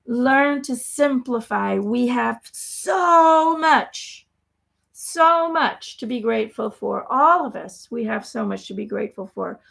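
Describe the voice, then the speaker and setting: Woman, spiritual host, high voice with a gravelly edge, emphatic and repetitive. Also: normal speed, a bit bright. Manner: emphatic, repetitive, frequent "okay?". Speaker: spiritual channeler. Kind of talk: live motivational talk.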